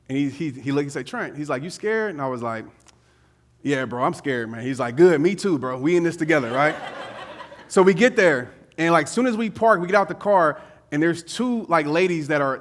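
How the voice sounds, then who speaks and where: A man in his thirties giving a motivational keynote, telling a story in a lively, conversational way, acting out quotes and laughing often. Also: on the high side. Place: conference stage before a live audience.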